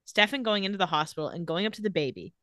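A woman's voice: medium pitch, rapid-fire, no echo, clean studio sound. A woman co-hosting a podcast, casually retelling a TV episode and acting out its lines. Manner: animated, acts out lines from the show with laughs. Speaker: podcast co-host recapping a TV episode. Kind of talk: casual chat, retelling scenes.

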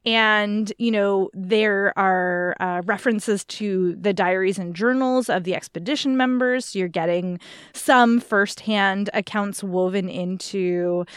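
A woman co-hosting a book podcast, chatting casually in a relaxed, rambling way with many fillers. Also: mid-range voice, slow pace, clear, resonant tone, no room sound, studio quality. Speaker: podcast co-host.

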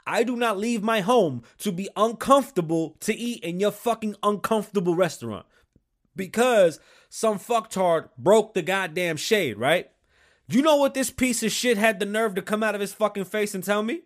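Loud profane man in his thirties ranting. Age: 30s. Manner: loud, profane, swings from heated yelling to low grumbling. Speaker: show host. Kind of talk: profane comedic rant.

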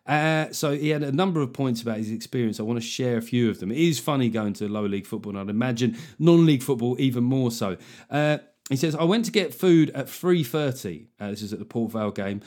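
Talking fast in a medium-pitched, darkish voice, a middle-aged podcast host keeps things casual and comedic, dropping puns as he chats.

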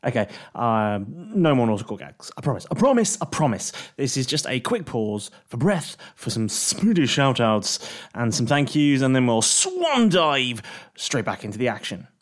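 A British man narrating a tabletop game as dungeon master and host, with lively, cheerful storytelling. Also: mid-range voice, unhurried. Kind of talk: tabletop game narration and podcast shout-outs.

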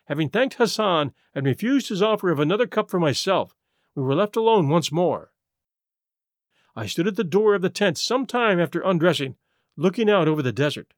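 Male audiobook narrator, high voice, very lively intonation. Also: fairly quick, no echo, clean studio sound. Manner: expressive, animated reading. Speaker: audiobook reader. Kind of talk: scripted first-person narration.

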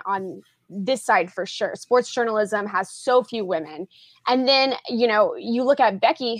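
A young adult film critic from the Tulsa, Oklahoma area appears as a podcast guest, chatting casually with lots of fillers and restarts. Her voice is medium-pitched, and the studio recording is dry and clean.

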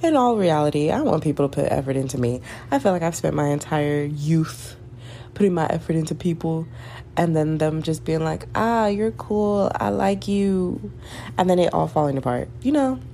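A woman's voice: low-pitched, expressive, a little fast, warm tone, slight background noise. Rambling Southern woman in her twenties. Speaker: podcaster. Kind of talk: casual solo chat.

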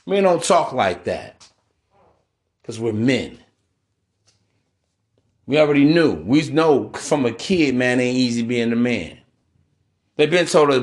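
A man's voice: medium pitch, animated, measured pace, pauses often. A man hosting a podcast monologue, preachy and casual, with slang and constant "man" and "bro.". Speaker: podcast host.

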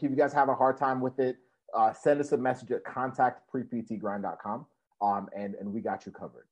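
A man co-hosts a podcast and coaches physical therapy students, talking casually and energetically to listeners while often repeating himself and laughing. His voice is fairly low, a little mellow, and husky. The recording sounds muffled and lo-fi.

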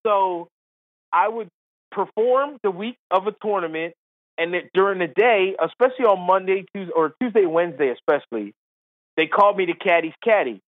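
Podcast guest: a lively, high-voiced male storyteller on a dry, tinny phone line. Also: normal speed, no room sound. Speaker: podcast guest, comedian and golf analyst. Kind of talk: animated anecdote telling.

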